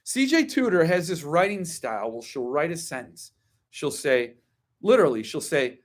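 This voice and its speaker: Wry, grumbling book-chat host, slightly high. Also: male voice, big pitch swings, moderate pace. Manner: opinionated, wry grumbling rants; chatty, digresses with ums and asides. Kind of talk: casual live-stream book chat.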